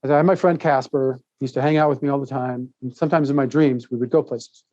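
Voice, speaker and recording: A man guest on a podcast, telling a long personal story in a rambling, animated way, laughing often and restarting his sentences. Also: mid-range voice, fast, no room sound, highs cut off. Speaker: podcast guest, author and speaker. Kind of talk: casual interview storytelling.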